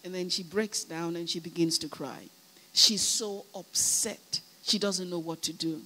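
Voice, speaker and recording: A woman's voice: fairly low pitch, steady tone, unhurried, bright, forceful tone. A Nigerian woman preacher telling a story in a sermon, emphatic and full of "you know," asking her listeners whether they are listening. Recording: long hall reverb, faint hum.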